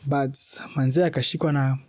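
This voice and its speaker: A man's voice: medium pitch, steady tone, moderate pace, a little mellow, no echo. A young man with a Kenyan accent telling his story earnestly as a podcast guest, mixing in street slang. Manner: earnest, mixes Swahili slang into English. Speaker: gospel musician guest. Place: podcast studio.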